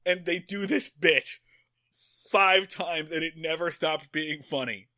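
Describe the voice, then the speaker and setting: A man with a bright, fairly high voice tells a long story on a podcast. He rambles, swears and keeps his delivery animated. The sound is close and dry. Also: slow, dry recording. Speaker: podcast co-host. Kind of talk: casual chat.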